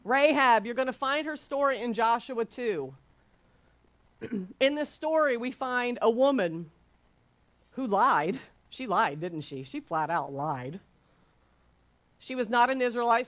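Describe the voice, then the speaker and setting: A woman leading a Bible study group in a playful devotional talk, teasing the group and stretching out her phrases like a game-show host. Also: on the high side. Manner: chatty and teasing, laughs easily.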